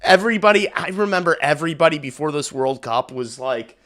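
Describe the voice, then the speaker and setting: A hoarse young man streaming live, chatting casually and bluntly to his viewers, profane and rambling. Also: a little high, animated, fairly quick, over music. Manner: rambling, blunt and profane, addresses chat directly. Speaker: hockey streamer. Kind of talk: casual livestream chat.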